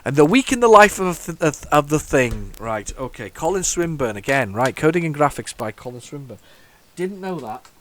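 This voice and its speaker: A man with a fairly high pitch and a very animated delivery talks at normal speed, pausing little. As a retro gaming YouTuber, he gives casual commentary over old computer games, rambling, stumbling, and restarting often.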